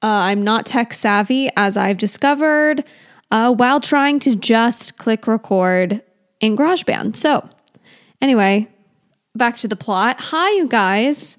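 A woman's voice: fairly high pitch, measured pace, clean tone. Young woman, twenties, podcast host, chatty, rambling, self-deprecating, casual solo talk recorded at home. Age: 20s.

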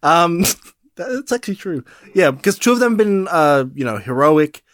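A man's voice: fairly high pitch, sing-song, a bit bright, no echo. A man co-hosting a podcast in casual film chat, weighing his words with many fillers. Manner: measured, hedging, many fillers. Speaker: podcast co-host.

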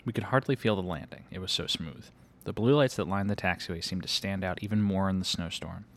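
A man reading a first-person story aloud at a brisk clip. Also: deep voice, fairly bright tone. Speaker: audiobook reader.

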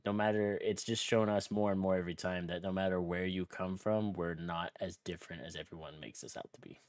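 A man's voice: low voice, steady tone, a little fast, darkish tone, no echo, clean studio sound. A man co-hosting a podcast, chatting casually and laughing easily with his guest. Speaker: podcast co-host. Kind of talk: casual chat.

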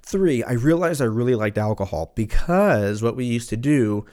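A man's voice: mid-range voice, expressive, moderate pace, mellow. A man, telling a rambling comic story in a casual, profane way, often breaking off mid-sentence. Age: 30s. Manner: profane, rambling, self-interrupting.

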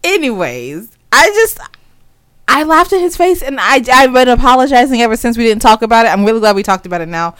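Una mujer que conversa de forma casual, contando una historia con animación y soltando risitas mientras habla. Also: female voice, on the high side, fairly quick, clean tone, no echo. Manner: giggly, keeps chuckling while she talks; animated storyteller. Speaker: podcast co-host. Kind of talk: casual chat.

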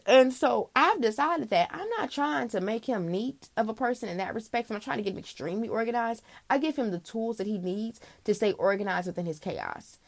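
A woman's voice: fairly high pitch, animated, fairly quick, creaky, hardly any pauses. A woman giving frank, casual advice straight to the listener, calling them girl, swearing freely and filling her talk with okay and you know. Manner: chatty, full of fillers like okay and you know. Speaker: vlogger giving life advice.

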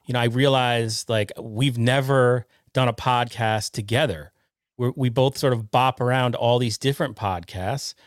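A man hosts a casual podcast, joking and self-deprecating. His voice sits in a dry room close to the mic, mid-pitched and easy. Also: steady tone, moderate pace, dry recording. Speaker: podcast host.

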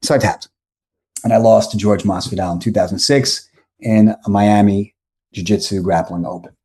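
A man's voice: lowish voice, steady tone, normal speed, warm tone. A man in his forties from South Florida, a podcast guest telling a long story casually, rambling and correcting himself as he goes.

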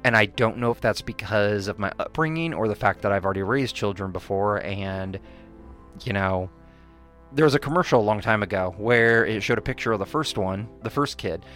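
This casual podcast chat has faint music underneath and a co-host speaking at a moderate pace in a slightly bright voice. The talk wanders, full of fillers and false starts, and quoted people get voiced in a higher register.

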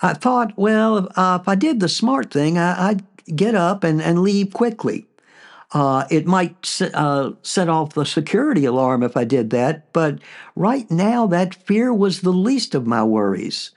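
A man hosting a podcast, narrating a personal story in a relaxed way with frequent fillers. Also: high-pitched, unhurried. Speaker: podcast host.

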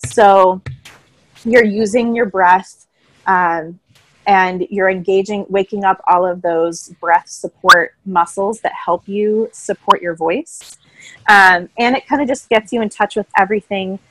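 Calm woman explaining voice warm-ups. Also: mid-range voice, unhurried, poor audio. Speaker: voice coach guest. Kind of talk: casual interview chat. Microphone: own microphone, remote call.

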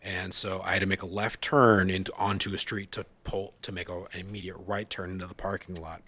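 A man with a fairly low voice tells rough, profane stories in a loose podcast chat. He swears freely and jumps into shouted impressions of the people he meets. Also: a little fast. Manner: profane, animated storyteller, mimics shouting people. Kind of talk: casual storytelling chat.

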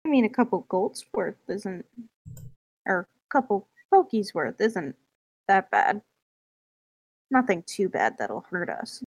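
A woman's voice: mid-range voice, very animated, unhurried, pauses often. Teasing woman player, swears casually. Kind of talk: casual chat during a tabletop game.

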